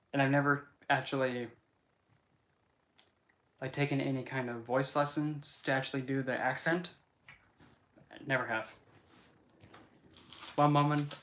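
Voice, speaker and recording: A man's voice: medium pitch, fairly bright tone, slight background noise. A man hosting a casual livestream Q&A, rambling and often restarting his sentences. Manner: rambling, with frequent restarts and asides. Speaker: livestream host.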